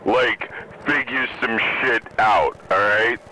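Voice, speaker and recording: A man's voice: medium pitch, slow pace, bright, forceful tone, slight background noise, rough recording. A man hosting a podcast, delivering an angry, profane rant from a moving vehicle. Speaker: podcast host.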